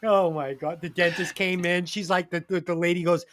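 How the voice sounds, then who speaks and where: A man's voice: a little high, brisk, hardly any pauses, no echo, studio quality. A man hosting a music podcast, telling stories in a profane, laughing, casual way. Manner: profane, laughing anecdote teller. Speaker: podcast host, album reviewer.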